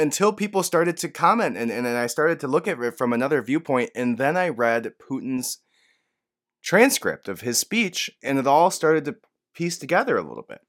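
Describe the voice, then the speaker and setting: Animated, profane man commenting on news. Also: mid-range voice. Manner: animated, profane, swings from hushed to loud. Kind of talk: casual commentary.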